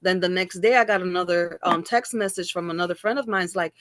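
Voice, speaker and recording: A middle-aged woman speaks as an interview guest, her voice sitting low for a woman. She tells her story candidly and animatedly, slipping into the voices of people she recalls. The sound is dry and close, with no room around it. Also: brisk, few pauses, no echo. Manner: animated, acts out quoted exchanges.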